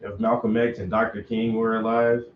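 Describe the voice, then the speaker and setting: A man's voice: on the low side, level tone, normal speed, slight background noise. A man painting on a long live stream, chatting casually in a loose, slangy, joking way. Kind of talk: casual chat while painting. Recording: roomy, dull lo-fi sound.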